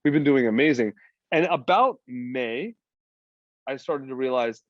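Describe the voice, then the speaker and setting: A man's voice: mid-range voice, a little slow, no room sound. A man, a podcast guest talking casually, blunt and profane, rambling with lots of fillers. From United States. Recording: slightly dull, dry lo-fi audio.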